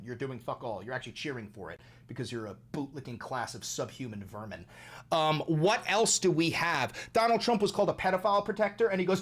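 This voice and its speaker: Young male streamer, slightly high voice, angry, swearing rant that repeats itself. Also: expressive, fast talker, a bit bright. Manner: angry, profane, repetitive. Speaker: livestream host. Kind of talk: political livestream rant.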